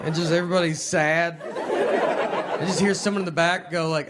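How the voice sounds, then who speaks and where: A man doing a stand-up comedy set, telling stories in a deadpan, low-key manner. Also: measured pace, long pauses. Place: live venue with laughing audience. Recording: loud crowd laughter and noise.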